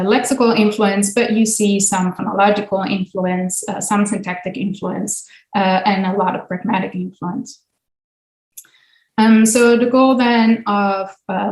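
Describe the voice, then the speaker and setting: A woman of middle pitch gives an academic lecture, walking listeners through examples one step at a time. Her talk is patient and full of small ums and uhs. The sound rings around an echoey room. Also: darkish tone. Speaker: linguistics professor giving a guest talk.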